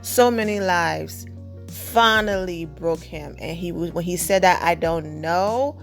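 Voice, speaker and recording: A woman's voice: on the low side, a little slow, gravelly, a bit bright, soft background music. A woman giving casual celebrity news commentary in a chatty style, often saying "you know".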